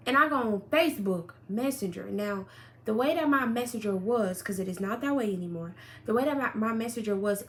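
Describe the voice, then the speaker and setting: A young woman telling a story about her relationship in a casual vlog, blunt and profane, with sudden loud outbursts. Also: fairly high pitch, a little hiss or hum. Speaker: storyteller vlogger.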